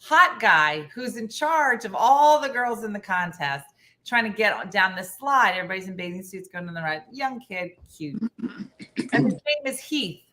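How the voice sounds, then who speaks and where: A woman comedian hosting a casual baking chat in a home kitchen, telling stories with animated impressions of her friends. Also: moderate pace, slight background noise. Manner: animated, does loud shrill impressions of friends. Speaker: comedian and host. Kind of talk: casual storytelling while baking.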